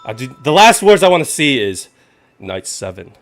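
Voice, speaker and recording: A man's voice: a little high, big pitch swings, brisk, fairly bright tone, faint music behind. A man streaming a game live, chatting in a rambling way with sudden jumpy outbursts when startled. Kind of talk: casual live gaming commentary.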